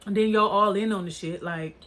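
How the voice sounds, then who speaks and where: A woman's voice: medium pitch, fairly even intonation, a little fast, fairly bright tone. A woman casually telling a story to her viewers, rambling and swearing, with lots of "like" and "or whatever.". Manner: rambling, profane, heavy use of "like" and "or whatever". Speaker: storytime vlogger.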